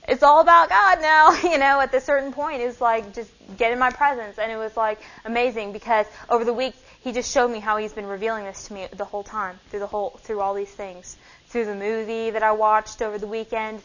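A young woman giving an informal, chatty sermon and reading scripture, acting out conversations as she goes. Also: a little high. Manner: chatty and animated, acting out dialogue. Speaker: lay preacher. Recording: dull lo-fi recording.

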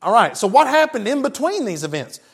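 Guy preaching a sermon, fairly high voice, reads verses then chats about them. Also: big pitch swings, a little fast, breathy edge. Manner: conversational, chatty asides while reading scripture. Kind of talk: sermon with scripture reading.

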